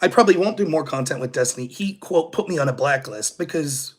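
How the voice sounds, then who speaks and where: A man's voice: a little high, fast talker. A man hosting a casual political commentary stream, sarcastic and mocking, chatting with his live chat as he talks. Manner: animated and sarcastic, mocking opponents; chats with live chat readers.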